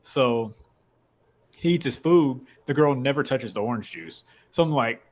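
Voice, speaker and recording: A man's voice: medium pitch, expressive, unhurried, darkish tone. Laid-back young man retelling a game. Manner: rambling storytelling, laughs often. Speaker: podcast host. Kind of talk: casual chat.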